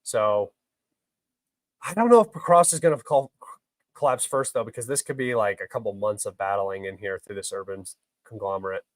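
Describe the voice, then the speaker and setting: The young man's voice is lowish and a little fast here, recorded dry and in low quality. Hosting his live stream, he reads out chat questions and gives blunt, argumentative replies laced with occasional swearing, all in heated commentary.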